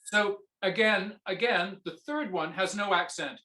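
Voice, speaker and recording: A man coaching a viola student in a masterclass, singing phrases on nonsense syllables and asking gentle questions. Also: high-pitched, a little slow, echoey room, soft background music.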